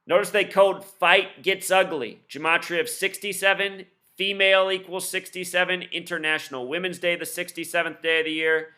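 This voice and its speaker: Fast-talking, insistent male commentator. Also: high-pitched, fairly even intonation, sharp tone. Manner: rapid-fire, insistent, admits talking too fast; lists numbers and codes in rapid bursts. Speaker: video commentator. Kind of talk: solo explainer monologue.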